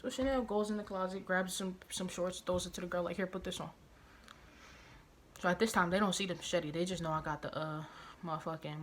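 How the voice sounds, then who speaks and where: A woman vlogger telling a personal story, animated and profane, hammering her points home through repetition and outraged disbelief. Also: on the low side, slight background noise. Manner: animated, profane, emphatic retelling with heavy repetition; outraged, incredulous. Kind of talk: storytime vlog.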